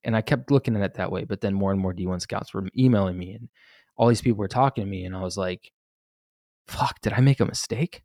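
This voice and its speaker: A man's voice: lowish voice, fairly even intonation, fast talker, darkish tone, dry recording, clean studio sound. Candid, profane young man telling his story. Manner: candid, profane, rambling with restarts. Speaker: podcast host. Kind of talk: solo podcast storytelling.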